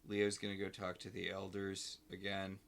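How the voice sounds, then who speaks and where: A man with a lowish, gravelly voice co-hosts a casual recap podcast. His tone is bright and sharp, and he tosses in dry jokes as he walks through the plot. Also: completely flat delivery, normal speed. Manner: dry, joking commentary. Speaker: podcast co-host.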